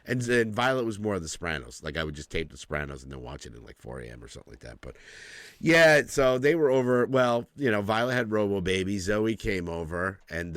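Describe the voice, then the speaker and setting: Podcast co-host, man in his 40s, low voice with lively swings, dry close sound, swears and laughs a lot. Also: dry recording. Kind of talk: casual chat.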